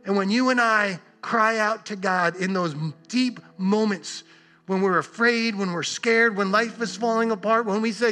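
Earnest preacher man, high bright voice. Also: steady tone, soft background music. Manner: earnest, emphatic, with long pauses and repeated words. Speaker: pastor. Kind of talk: sermon.

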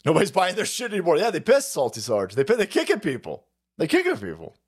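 A man hosting a political livestream, ranting in a foul-mouthed, sarcastic way with shouted outbursts. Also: a little high, wildly swooping pitch, quick pace, slightly rough. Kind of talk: profane political rant.

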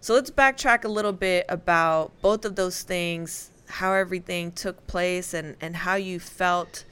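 A woman's voice: on the low side, a little slow, a bit bright, smooth. A woman hosting a talk show, chatty and encouraging as she leads into questions with playful asides. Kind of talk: conversational interview.

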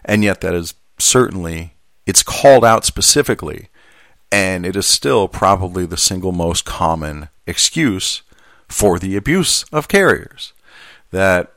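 A man's voice: low voice, expressive, normal speed, fairly bright tone, dry recording, studio quality. A man who is a union steward, reading out a workplace statement and then talking it over in an earnest, conversational way. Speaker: union steward and mail carrier. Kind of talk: reading a statement aloud, then casual commentary.

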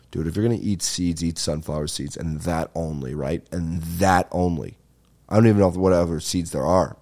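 A man's voice: lowish voice, mellow. A young man hosting a comedy podcast, telling meandering, profane stories full of asides and fillers. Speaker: podcast host. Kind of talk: rambling comedic storytelling.

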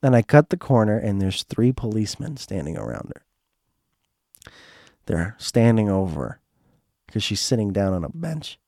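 A man hosting a podcast, telling a casual anecdote in a rambling, animated way and jumping higher when he quotes himself. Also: moderate pace, long pauses, dry recording, studio quality. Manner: animated, rises in pitch when quoting himself; rambling, with many fillers. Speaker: podcast host.

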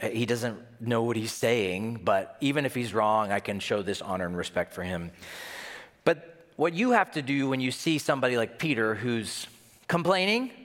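A man preaching a sermon as pastor in a conversational, animated way, acting out scenes as he tells them. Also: medium pitch, big-room sound.

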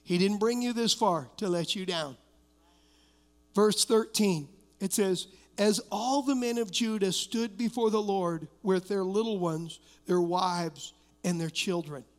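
A man's voice: high voice, a little slow. A middle-aged male pastor preaching an emphatic sermon, weaving personal stories into declarations. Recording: long reverb of a church hall.

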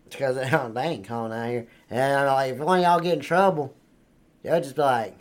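A man's voice: mid-range voice, a little fast, close to an everyday voice. An actor playing a crude, boastful trailer park man who rambles and swears constantly in an improvised comedy sketch. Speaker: comedy character.

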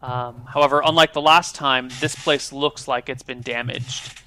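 A man's voice: mid-range voice, fairly even intonation, normal speed, bright, forceful tone, soft background music. A man narrating a tabletop game as game master, describing scenes in loose, improvised narration.

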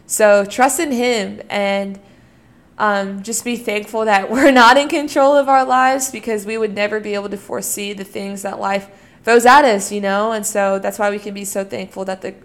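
Young woman, casual devotional talk, smooth clear tone, fairly flat delivery. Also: medium pitch, normal speed. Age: young adult. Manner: earnest, reflective, many fillers like "you know" and "like". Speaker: college student sharing faith lessons.

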